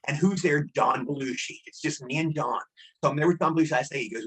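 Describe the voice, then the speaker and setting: A man in his sixties, a guest actor telling rambling, animated anecdotes in a casual interview. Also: a little high, fast talker, slightly rough, poor audio. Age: 60s.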